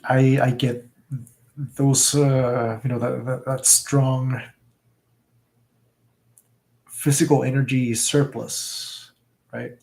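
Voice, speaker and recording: A man's voice: mid-range voice, level tone, gravelly, a little mellow. A man vlogging live in a casual, reflective way, often stopping and restarting his sentences. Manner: halting and reflective, with frequent restarts.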